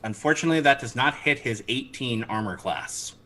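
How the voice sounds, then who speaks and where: A man running a tabletop game as game master, narrating lively and laughing, stopping to correct himself. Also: mid-range voice, a little fast.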